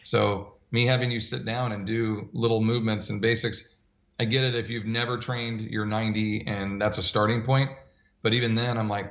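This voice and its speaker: Low gravelly man, roomy lo-fi sound. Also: normal speed. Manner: animated storyteller, acts out dialogue. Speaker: strength coach for older adults. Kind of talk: conversational interview answers.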